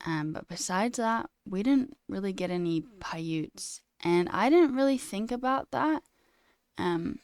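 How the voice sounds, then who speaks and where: A young adult woman live-streaming, talking candidly and emotionally in a halting, casual way with many fillers. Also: fairly low pitch, smooth, dry recording, clean studio sound.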